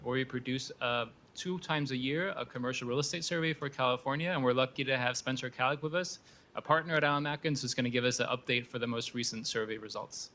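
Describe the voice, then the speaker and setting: A male event moderator thanking presenters and introducing the next speaker in a brisk, formal way. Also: mid-range voice, sharp tone. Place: conference venue.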